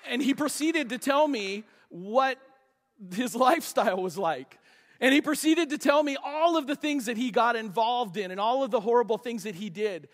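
Male pastor, high bright voice, lively joking sermon, long church reverb. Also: moderate pace. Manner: animated, restarts, jokes with congregation. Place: church sanctuary.

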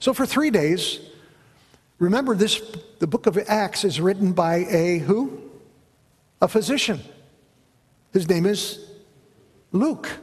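A man's voice: sits high, lively intonation, takes it slowly, long pauses, husky. A man preaching a sermon, telling a story and asking the congregation questions along the way. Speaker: pastor. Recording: echoey hall.

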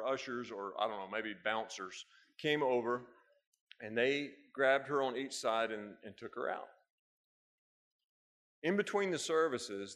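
American guy preaching a sermon, mid voice, tells a story and then gets loud and high when he pushes a point. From United States. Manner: storytelling, building to emphatic high bursts. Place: church hall with a live congregation.

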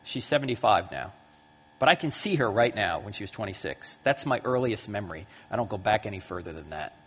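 A man in his fifties giving a lively talk to a live audience in a large hall, acting out the voices in his stories. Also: lowish voice, brisk, breathy edge. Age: 50s. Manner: lively storyteller who acts out quoted voices. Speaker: Christian apologetics speaker. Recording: long hall reverb.

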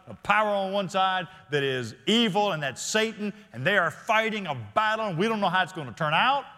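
A male senior pastor preaching a sermon in a church, earnest, often slowing and dropping to quiet emphasis. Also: high-pitched. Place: church sanctuary. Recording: long reverb of a large hall.

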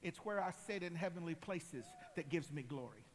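A man preaching a sermon, impassioned and building to loud cries. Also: fairly high pitch, animated, normal speed, hardly any pauses, a little hiss or hum. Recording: long hall reverb.

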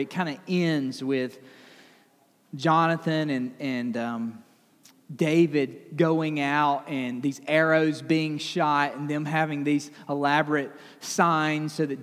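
A man preaching a sermon in a conversational way, retelling a scripture story with lively asides. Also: mid-range voice, big-room sound. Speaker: pastor.

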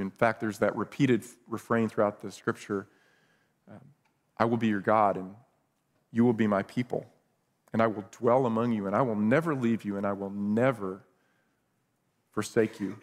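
A man's voice: on the low side, steady tone, moderate pace, pauses often. A man preaching a sermon as pastor, earnest and conversational, often repeating words as he goes.

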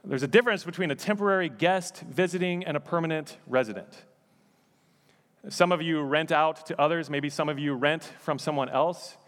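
A man's voice: a little high, normal speed, fairly bright tone, in a large hall. A male pastor preaching a sermon in a church, conversational with joking asides. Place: church sanctuary.

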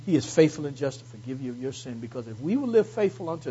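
A man's voice: mid-range voice, very animated, fast talker, few pauses, mellow, lo-fi sound, slight background noise. A man preaching a Sunday morning sermon, repeating phrases for emphasis and swelling into fervent peaks. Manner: call-and-response preaching, rising to fervent peaks. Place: church service.

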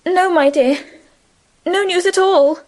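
Tender young schoolgirl in an audiobook , read by a woman; high, soothing, earnest. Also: slow, a little mellow. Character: gentle affectionate schoolgirl friend, young woman. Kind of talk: audiobook character reading.

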